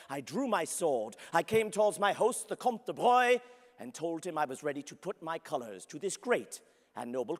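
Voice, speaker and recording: A man's voice: high-pitched, heavily acted. A man playing an ardent, flamboyant young French nobleman, telling his story grandly to the audience and laughing often. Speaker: historical character interpreter. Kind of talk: theatrical first-person historical storytelling. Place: large convention hall before an audience. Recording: long reverb of a large hall.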